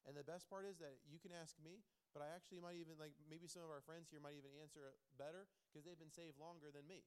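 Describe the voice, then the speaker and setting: Pastor, male, earnest small-group teacher with a slightly high voice. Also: steady tone, quick pace, smooth. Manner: earnest, repeats words for emphasis. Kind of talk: teaching a bible study with questions.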